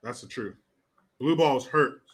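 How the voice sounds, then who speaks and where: Bright-voiced sarcastic male commentator. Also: mid-range voice, measured pace, husky. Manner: crude, sarcastic, laughing at his own jokes. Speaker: online commentator. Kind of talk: casual ranting commentary vlog.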